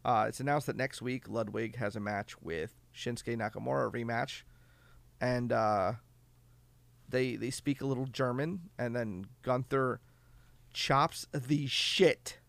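Guy with a gravelly voice doing a chill wrestling recap podcast, dry close sound, wry little asides. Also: medium pitch, a little slow, no echo. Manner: offhand, wry, recounting events with opinions. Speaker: podcast host.

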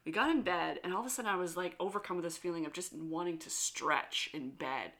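A woman's voice: fairly low pitch, quick pace, a bit bright. A woman co-hosting a podcast, telling candid stories in casual chat and swearing freely. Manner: frank storytelling, swears freely. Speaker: podcast co-host.

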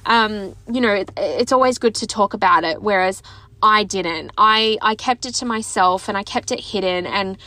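A woman's voice: mid-range voice, normal speed, sharp tone, no room sound. A woman in her twenties telling a personal story to her viewers, chatty and candid, with lots of "like" and self-mocking laughs. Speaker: vlogger.

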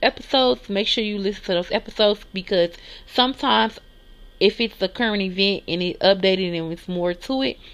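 A woman hosts her own podcast, reading news items aloud and commenting on them in a loose, chatty way. Her mid-pitched voice carries a gravelly fry. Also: moderate pace, highs cut off. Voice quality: lisp. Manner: casual, chatty, reads articles aloud then reacts. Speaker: podcast host.

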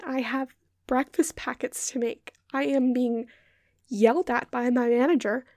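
A woman's voice: high voice, a little mellow, no echo, clean studio sound. A young woman hosting a podcast, ranting in an exasperated, sarcastic and sweary way. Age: young adult. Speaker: podcast host. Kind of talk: ranting monologue.

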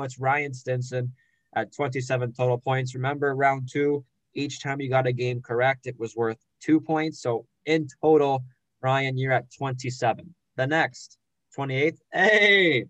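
A man's voice: mid-range voice, fairly even intonation, normal speed, no room sound, low-quality recording. Young male podcast host, casual and jokey, reading standings; dry close mic. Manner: jokey, rattles off names and standings. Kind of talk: casual sports podcast chat.

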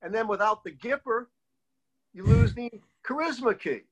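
Speaking at an extremely high pitch and moderate speed, an older male political historian narrates stories in an interview. He's an animated teller who acts out quoted speakers, and the audio is poor.

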